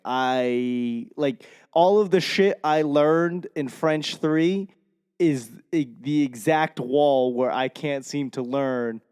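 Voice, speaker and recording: Rambling Boston man, smooth voice. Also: mid-range voice, darkish tone, long reverb tail. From Boston, Massachusetts. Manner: rambling, self-mocking, swears freely. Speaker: podcast host. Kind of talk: casual comedic monologue. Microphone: podcast microphone.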